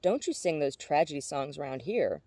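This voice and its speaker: A woman's voice: low-pitched, very animated, moderate pace, warm tone, dry recording, full character voice. A woman voicing a cheerful old man in his seventies who dances through the rain and whoops with joy. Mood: jolly.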